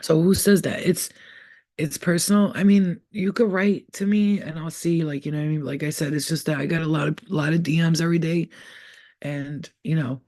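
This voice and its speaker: A man's voice: on the high side, steady tone, normal speed, darkish tone, no echo, clean studio sound. A young man in a casual, rambling monologue who talks in a profane, conspiratorial way as a spiritual vlogger.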